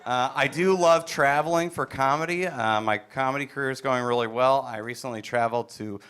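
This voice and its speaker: Bright-voiced male stand-up comedian. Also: mid-range voice, a little fast, slight background noise. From Wisconsin, USA. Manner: deadpan storytelling with quiet asides. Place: comedy stage.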